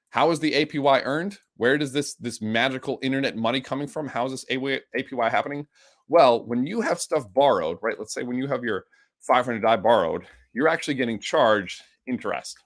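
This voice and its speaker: A man with the hiccups, teaching a live coding lesson with an enthusiastic, energetic way of explaining. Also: medium pitch. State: has the hiccups. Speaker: instructor.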